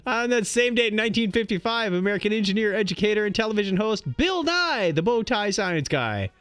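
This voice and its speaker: Lively high-voiced man co-hosting a podcast. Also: no room sound, soft background music. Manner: animated, joking, quick to laugh. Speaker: podcast co-host. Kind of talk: casual chat reading this-day-in-history.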